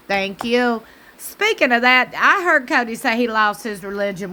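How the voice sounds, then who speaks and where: Southern woman recap host, sassy and preachy, bright sharp tone, a bit high. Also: expressive, moderate pace. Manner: sassy, talks back to the screen, preacher-like asides. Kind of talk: casual reality-TV recap commentary.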